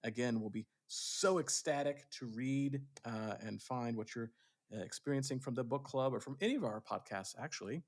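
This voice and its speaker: A man's voice: medium pitch, normal speed, a little mellow. A young man co-hosting a podcast in casual chat, playful and joking, from the American South. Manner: playful, joking, slips into mock Southern voices. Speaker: podcast co-host.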